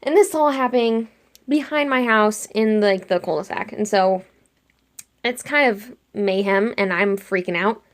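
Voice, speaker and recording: A young woman chatting casually while she sketches, retelling a dream in an animated way and acting out her own lines with lots of "like". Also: medium pitch, normal speed. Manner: chatty, animated quoting of herself with frequent "like". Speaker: art vlogger.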